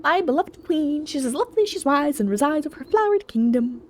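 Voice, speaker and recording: A woman's voice: high voice, animated, a little fast, a little hiss or hum, pitched above the performer's own voice. A woman voicing a fawning, lovesick male beekeeper who gushes and grovels in a video game. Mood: gushing. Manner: gushing, servile.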